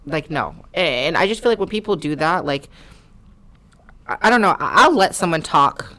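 A woman's voice: sits low, lively intonation, normal speed, sharp tone. A woman guest on a podcast talking frankly in casual chat, swearing freely and filling with "like". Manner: frank, profane, many fillers of "like".

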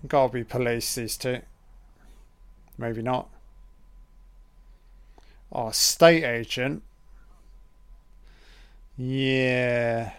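A man giving a casual, profane running commentary on a film, reacting loudly to what is on screen. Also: mid-range voice, fairly even intonation, very slow, long pauses, clear, resonant tone.

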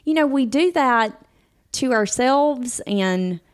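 A woman's voice: high voice, expressive, slow pace. A woman co-hosting a casual chat, affirming her partner and telling personal stories. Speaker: podcast co-host.

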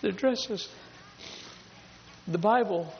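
Male pastor, fairly high voice, emphatic storytelling preacher; dull lo-fi recording with long hall reverb. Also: extremely slow, vocal fry, a little hiss or hum. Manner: emphatic, builds long repetitive lists. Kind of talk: storytelling sermon.

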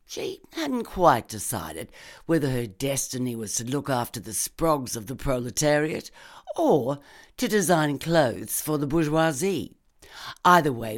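A woman narrating a crime short story with a wry, expressive delivery. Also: a bass voice. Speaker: narrator and reader. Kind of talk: scripted reading of a crime story.

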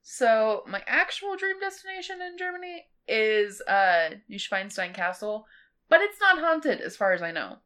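A woman's voice: on the high side, very animated, moderate pace, a bit bright, clear, resonant tone. A woman co-hosting a podcast, presenting a haunted place in easygoing chat with light laughs. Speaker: podcast co-host presenting the destination. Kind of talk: casual chat.

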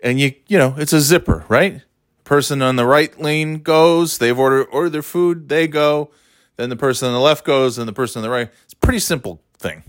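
A man's voice: mid-range voice, fairly quick, dry recording, clean studio sound. A man telling a casual, swear-laden anecdote, tired and exasperated, with mocking asides. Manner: animated, swearing, mocking voices in quotes. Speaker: storyteller.

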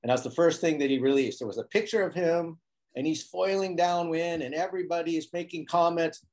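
A man's voice: fairly high pitch, brisk. Guy spinning a yarn in a casual interview, jumps into other people's voices. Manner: animated storyteller who acts out quotes. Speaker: guest, foil board maker. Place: Hawaii.

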